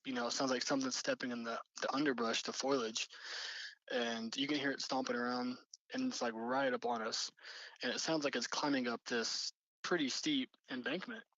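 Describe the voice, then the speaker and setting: Young male storyteller, mid-pitched, loose and rambling, dull dry recording. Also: moderate pace, a bit bright, no echo. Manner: rambling, many fillers and restarts. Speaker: storyteller recounting an encounter. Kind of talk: casual spoken storytelling.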